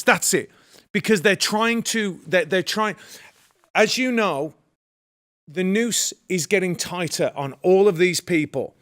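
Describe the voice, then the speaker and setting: A British man co-hosting a political commentary show, speaking emphatically as he rallies his audience. His voice sits notably high for a man. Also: moderate pace, a bit bright. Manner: emphatic, rallying. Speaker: co-host.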